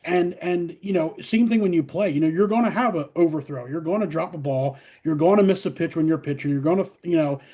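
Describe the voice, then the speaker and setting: A middle-aged man who coaches college softball talks casually with a fairly high voice. He tells stories with lots of fillers and acts out his players' lines. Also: fairly quick, hardly any pauses. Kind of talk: casual interview talk.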